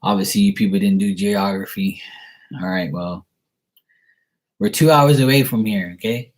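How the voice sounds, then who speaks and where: A man's voice: lowish voice, fairly even intonation, moderate pace. A man from Bermuda with a Bermudian accent, rambling chattily in a casual vlog as he answers viewer questions. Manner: chatty, digressive, mimics other people's voices in quotes.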